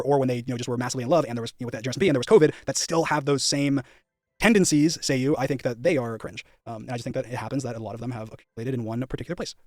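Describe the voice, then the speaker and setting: A man's voice: medium pitch, dry recording, clean studio sound. A young man streaming, rambling and emphatic, swearing and acting out his past conversations. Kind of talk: casual live-stream rant.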